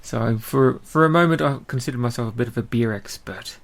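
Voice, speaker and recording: A man's voice: mid-range voice, brisk, gravelly. A man with an Australian accent co-hosting a casual podcast, chatty, with lots of ums and frequent laughs. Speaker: podcast co-host. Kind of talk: casual chat.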